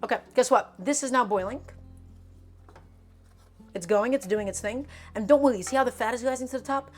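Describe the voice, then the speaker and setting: A woman's voice: fairly high pitch, fairly quick, soft background music. A woman chatting casually through a live cooking stream, emphatic and talking to her viewers as friends.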